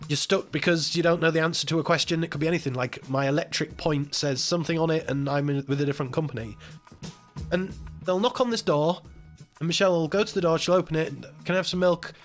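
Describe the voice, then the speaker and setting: Male streamer, fairly high voice, rambling emotional storyteller, faint music under him. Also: fairly even intonation, fast. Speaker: live stream host. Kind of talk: casual chat.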